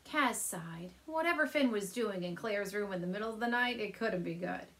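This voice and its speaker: A woman teacher reading a children's chapter book aloud from her couch at home, speaking gently and warmly to young listeners. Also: mid-range voice, normal speed. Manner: gentle, animated storyteller addressing kids.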